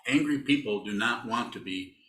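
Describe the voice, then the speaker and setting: A man's voice: mid-range voice, normal speed, a bit bright, echoey room, low-quality recording. A man giving a casual, rambling dharma talk as a Buddhist teacher, teasing and answering his students' questions.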